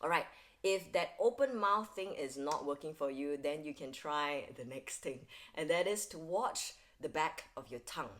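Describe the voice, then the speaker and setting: A woman's voice: low voice, lively intonation, normal speed. A woman singing teacher explaining vocal technique step by step, often checking in with "all right?". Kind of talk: instructional video lesson.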